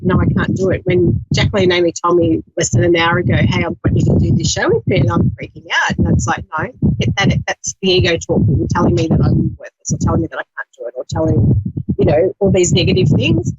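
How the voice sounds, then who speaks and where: A woman talking as a radio show guest, earnest and hesitant, with many pauses and ums. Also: fairly low pitch, lively intonation, husky, dry recording. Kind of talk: casual interview chat. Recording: dull lo-fi audio with faint hiss.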